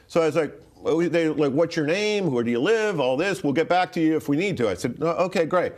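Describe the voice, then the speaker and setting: A man's voice: a little high, animated, fairly quick, darkish tone. A man in his sixties from Rhode Island, telling a personal story as an interview guest in a rambling way, full of "like", restarts and swearing. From Rhode Island, USA. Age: 60s.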